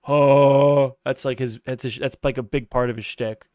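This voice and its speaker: A man's voice: medium pitch, steady tone, moderate pace, a little mellow, clean tone, no room sound, studio quality. A young man giving casual, blunt reaction commentary, rambling and opinionated with plenty of profanity. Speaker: streamer reacting to a podcast clip.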